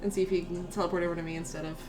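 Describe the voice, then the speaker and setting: A woman's voice: lowish voice, level tone, very fast, over music. A woman playing a tabletop game, chatting casually and laughing often between lines. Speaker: player.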